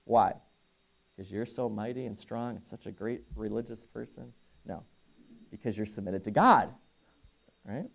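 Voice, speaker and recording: A man's voice: lowish voice, animated, normal speed, vocal fry, pauses often. A man preaching a sermon as pastor, earnest and emphatic, with rhetorical questions and bursts of rising intensity.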